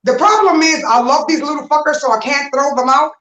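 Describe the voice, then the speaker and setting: Loud profane woman doing stand-up. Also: high-pitched, moderate pace, reverberant, rough recording. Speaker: stand-up comedian. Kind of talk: stand-up set.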